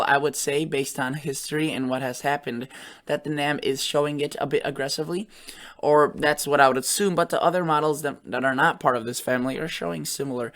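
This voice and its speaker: A man's voice: mid-range voice, a bit bright. A man hosting a weather channel, talking casually through forecast model maps and often correcting himself mid-sentence.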